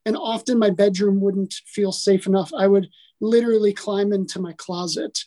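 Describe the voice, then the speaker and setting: A man from Milwaukee sharing his personal testimony as a podcast guest, earnest and animated, often restarting his sentences. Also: high-pitched, normal speed. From Milwaukee, Wisconsin, USA. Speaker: podcast guest, author and coach. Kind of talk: casual personal testimony in an interview.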